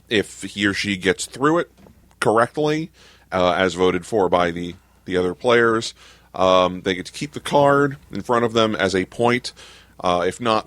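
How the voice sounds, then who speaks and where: A man's voice: lowish voice, fairly bright tone, dry recording. A man explaining game rules in a casual podcast chat, with lots of fillers. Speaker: podcast co-host.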